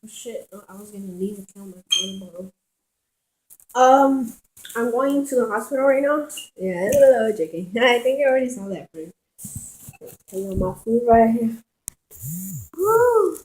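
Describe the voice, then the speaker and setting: A woman's voice: on the high side, expressive, measured pace, pauses often, a little mellow, low-quality recording. A woman vlogging casually at home in her kitchen, rambling, swearing and giggling as she talks.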